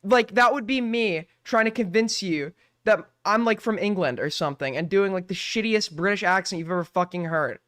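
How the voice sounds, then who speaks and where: Profane, incredulous male streamer, crisp voice. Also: sits high, normal speed, a bit bright, dry recording, clean studio sound. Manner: profane, incredulous, repeats himself. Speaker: streamer host. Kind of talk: ranting commentary.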